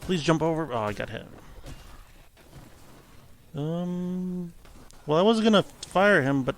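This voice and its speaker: A man talks through his gameplay in a loose, rambling way, amused at his own slips. His voice sits at an ordinary middle pitch. There is a faint hiss under the recording. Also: lively intonation, slow pace. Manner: rambling, self-amused, thinking aloud. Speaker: gameplay commentator. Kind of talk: casual let's-play commentary.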